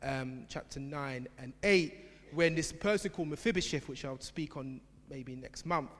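A man preaching a sermon in a church, emphatic, swinging from shouted repetition to quiet asides. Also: mid-range voice, normal speed. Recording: long hall reverb.

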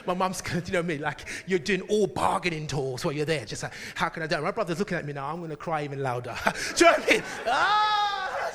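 A man preaching a sermon, telling a personal story with lively laughter and frequent asides to the congregation. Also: sits high. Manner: animated, laughing, keeps asking "do you know what I mean".

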